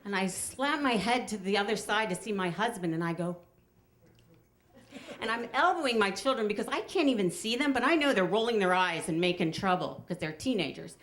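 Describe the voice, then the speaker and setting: A middle-aged woman performs a personal story for a live audience. She talks with wry humor, her voice at an ordinary middle pitch. She drags out the key lines slowly for comic effect. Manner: wry, animated, slows for punchlines. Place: stage before an audience.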